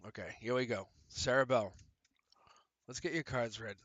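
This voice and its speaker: A man doing a live-streamed tarot reading, animated and profane, laughing often and acting out little quoted voices. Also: mid-range voice, moderate pace, dry recording, highs cut off. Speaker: tarot reader.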